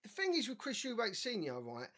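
A man co-hosting a boxing podcast, talking in an animated, slangy way with plenty of swearing. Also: high voice, fairly quick. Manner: animated, swearing, slangy, quotes others in put-on voices. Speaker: podcast co-host. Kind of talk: casual podcast chat.

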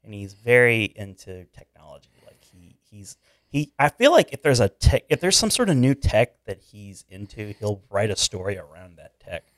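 A man co-hosting a casual movie chat, jokey and animated, often cutting in. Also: fairly low pitch, moderate pace, no room sound, studio quality. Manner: animated, jokey, interrupts with bits. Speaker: podcast co-host.

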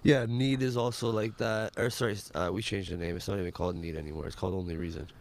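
A man's voice: low-pitched, steady tone, quick pace, slight background noise. A young man, a rapper guest, telling stories in a rambling way full of likes and ums. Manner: rambling, filler-heavy storytelling with many likes and ums. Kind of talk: casual chat.

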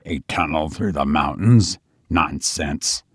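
A man voicing a gruff, distrustful brigand from a storybook, speaking low and hushed in a very deep voice. The tone is husky, and the delivery is slow and guarded. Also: no echo, studio quality, exaggerated voice. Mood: urgent.

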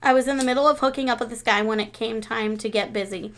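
A woman's voice: fairly high pitch, fast talker. A woman in her thirties co-hosting a casual chat, telling frank stories with lots of laughter. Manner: frank, laughing, animated storytelling. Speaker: podcast co-host.

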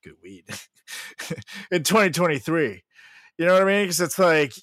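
A young man co-hosts a casual podcast, voice sitting a little high with lively, swinging pitch. He jokes, laughs often and slips into mimicking other voices. The sound is dry and close. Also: measured pace, dry recording. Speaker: podcast co-host.

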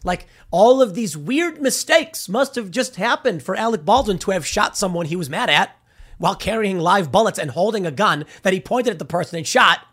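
A man giving casual, argumentative opinion commentary with a slangy, animated way of talking. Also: high-pitched, moderate pace, slightly rough.

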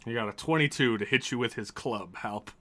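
Bright-voiced man running a game. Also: mid-range voice, brisk. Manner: loose, laughing, profane. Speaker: game master. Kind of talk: narrating a tabletop game.

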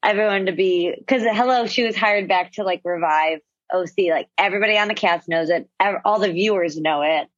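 A woman co-hosting a podcast in quick, chatty talk, her voice husky. The recording is dull and dry. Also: medium pitch, dry recording. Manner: quick, chatty, laughs often. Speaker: podcast co-host. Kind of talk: casual chat about a reality show.

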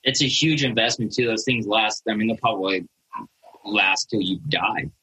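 Laid-back low husky dad. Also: male voice, normal speed, bright, forceful tone, rough recording. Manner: laid-back, filler-heavy. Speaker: podcast co-host and father. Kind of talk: casual chat.

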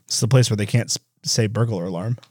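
A man in casual movie chat, animated, with quick asides and voices when he retells scenes. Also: lowish voice, husky, dry recording.

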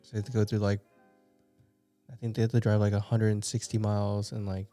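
A man's voice: lowish voice, little pitch movement, brisk, dark tone, faint music behind. A man in a casual group chat, telling a rambling story with many fillers.

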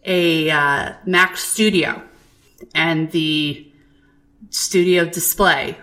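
A woman co-hosting a podcast, chatting casually and telling stories in an animated, profane way. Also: low voice, drawn-out words. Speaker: podcast co-host. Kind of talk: casual chat.

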